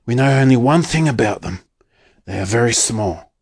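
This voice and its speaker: A man voicing a gentle old grandfather in a storybook reading, telling a tale softly. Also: medium pitch, expressive, moderate pace. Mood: hushed. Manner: soft and hushed.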